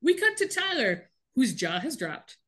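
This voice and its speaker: A woman's voice: sits high, wildly swooping pitch, measured pace. A woman co-hosting a casual podcast, animatedly retelling a TV episode and laughing often. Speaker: podcast co-host recapping a TV episode. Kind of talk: casual chat.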